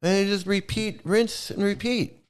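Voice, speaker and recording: A man's voice: sits high, fairly even intonation, measured pace, smooth. A man hosting a commentary channel, giving an angry, profane and mocking rant. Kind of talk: ranting commentary.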